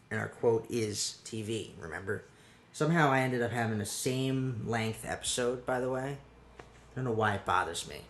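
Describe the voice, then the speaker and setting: A man's voice: on the low side, creaky, slight background noise. A man hosting a solo podcast in casual chat, rambling with restarts and casual swearing. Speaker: podcast host.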